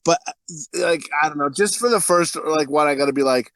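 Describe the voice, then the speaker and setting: A man's voice: a little high, fairly quick, fairly bright tone, no echo. A man co-hosting a podcast, talking in a crude, rambling way and laughing often. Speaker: podcast co-host. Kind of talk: casual podcast chat.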